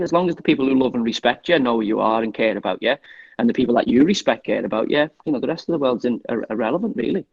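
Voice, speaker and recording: A man from England speaks as the guest in a relaxed interview, rushing through his thoughts at a quick clip. He keeps restarting his sentences and leaning on "you know". The sound is dull and lo-fi. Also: mid-range voice. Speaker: guest, former footballer. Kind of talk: casual interview talk.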